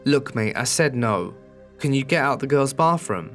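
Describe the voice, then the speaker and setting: A man's voice: medium pitch, expressive, normal speed, faint music behind, pitched above the performer's own voice, close to an everyday voice. A man voicing a young woman in a horror story reading, firm and stern when pushed. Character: young woman, carefree friend turned stern.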